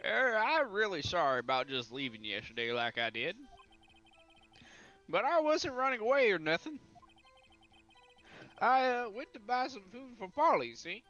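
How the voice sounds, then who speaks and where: A man putting on a gruff old caretaker. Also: sits high, very animated, normal speed, long pauses, pushed and bright, dull audio, soft background music, pitched above the performer's own voice, exaggerated voice. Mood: defensive. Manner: folksy, defensive, rough grammar. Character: gruff old male boat shop caretaker, evasive.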